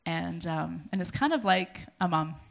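Woman, kinda gravelly voice, emotional halting thank-you speech at church, muffled lo-fi recording. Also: lowish voice, lively intonation. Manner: emotional, halting, speaking with pauses to gather herself. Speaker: church community leader. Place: gathering in a room. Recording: dull lo-fi recording.

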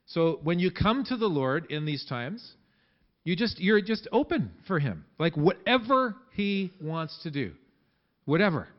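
A man gives a relaxed, conversational sermon to his church, restarting his sentences as he goes. His voice sits a little high for a man. The recording is muffled and lo-fi, as if taped in the sanctuary. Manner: conversational, halting with many restarts. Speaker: pastor.

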